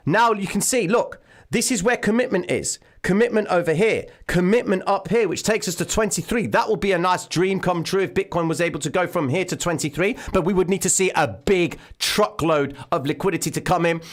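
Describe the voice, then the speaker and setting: A man hosting a live trading stream from home, commenting excitedly on the market and calling his viewers ladies and gentlemen. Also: high-pitched. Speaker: trading livestream host. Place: home room, daughter present. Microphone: desk microphone.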